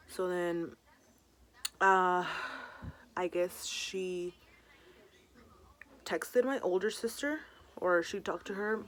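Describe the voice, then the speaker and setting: A woman's voice: lowish voice, steady tone, fairly bright tone. A young woman vlogger telling a personal story in casual chat, saying "like" constantly and dropping in Spanish words. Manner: chatty, fills every pause with "like"; mixes Spanish words into her talk.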